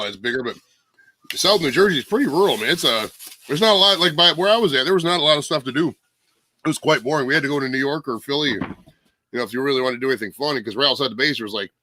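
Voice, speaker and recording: A man's voice: medium pitch, bright, forceful tone, dry recording. A middle-aged man from Ohio, a military veteran, chatting on a livestream video call in a rambling way, often correcting himself. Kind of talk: casual chat on a livestream.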